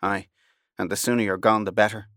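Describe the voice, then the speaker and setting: Man doing a gruff Irish sea captain. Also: lowish voice, little pitch movement, brisk, fairly bright tone, no echo, clean studio sound, lightly acted. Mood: exasperated. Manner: gruff and blunt.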